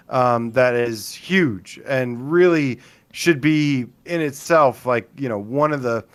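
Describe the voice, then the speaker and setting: Guy on a gaming podcast, mid pitch, blunt opinions, keeps restarting his sentences. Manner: opinionated, animated, self-interrupting. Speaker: podcast co-host. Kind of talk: casual gaming podcast chat.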